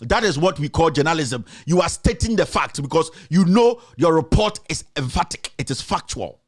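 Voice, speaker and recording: High-pitched Ghanaian man ranting. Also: sing-song, normal speed. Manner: repetitive, accusatory, emphatic; mixes in another language. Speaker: commentator. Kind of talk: heated political rant.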